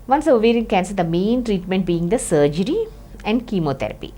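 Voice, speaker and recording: A middle-aged woman doctor with an Indian English accent explaining a medical topic, pausing often with fillers and restarts. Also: medium pitch, lively intonation, dark tone. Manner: hesitant, restarts with many fillers.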